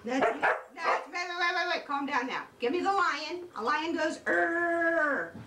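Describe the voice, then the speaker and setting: A woman's voice: high voice, normal speed, bright, forceful tone, roomy sound, far from the mic. A woman at home, talking to her dog in a coaxing, sing-song pet voice with lots of repetition, in a noisy home video. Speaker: dog owner and hostess. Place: indoors at home.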